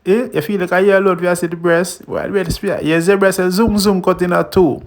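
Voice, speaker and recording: A man's voice: high voice, little pitch movement, brisk. A man with a Jamaican accent hosting a reaction vlog, chatting in patois and laughing often. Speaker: host.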